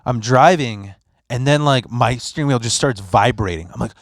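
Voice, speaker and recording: A man in his late thirties hosting a podcast, telling stories in a casual, profane, animated way and leaping into loud voices for the people he quotes. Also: medium pitch, moderate pace, no echo, clean studio sound. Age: 30s. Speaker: podcast host. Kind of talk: casual storytelling chat.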